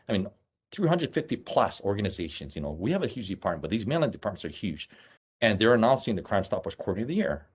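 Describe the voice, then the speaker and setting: Blunt, husky low-voiced man storyteller. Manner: candid, blunt storytelling with many "um"s and short clipped sentences. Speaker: police officer and guest speaker. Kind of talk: personal story told to an audience.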